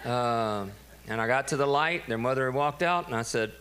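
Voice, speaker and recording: A middle-aged man, a pastor telling a story in a sermon, animated and laughing. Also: medium pitch, moderate pace, vocal fry, a little hiss or hum. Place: church.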